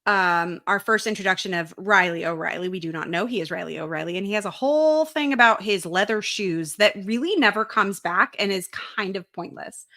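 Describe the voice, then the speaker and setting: A woman's voice: mid-range voice, fairly quick, hardly any pauses, bright, forceful tone. A young adult woman co-hosting a casual podcast chat, blunt and sweary, poking fun at a movie. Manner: blunt, sweary, mocking voices of characters. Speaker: podcast co-host.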